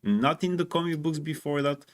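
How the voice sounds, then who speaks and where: A man's voice: on the high side, moderate pace. Agreeable male co-host, hesitant. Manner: agreeable, hesitant restarts, frequent "yeah". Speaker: podcast co-host. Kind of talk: casual chat.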